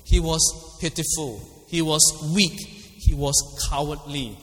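A middle-aged preacher with a Singaporean English accent takes an unhurried pace in a fairly high, slightly bright voice. His sermon is chatty and full of laughter, with questions directed at listeners by name, echoing in a long hall reverb.

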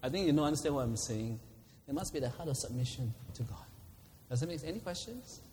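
Man, sermon, lively delivery, long hall echo, faint room hum. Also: fairly high pitch, fast. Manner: lively, laughing often, acting out quoted prayers. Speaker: preacher.

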